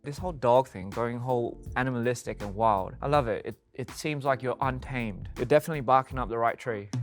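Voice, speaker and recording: Playful guy reading fan tweets out loud, keeps laughing, bit of music behind. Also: medium pitch, normal speed. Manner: amused, laughs often, playful.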